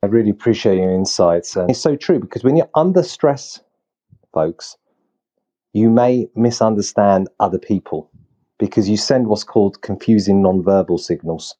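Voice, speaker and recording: A man's voice: fairly low pitch, expressive, normal speed, dark tone. A man moderating a panel discussion who asks long, winding questions and lifts his voice for emphasis.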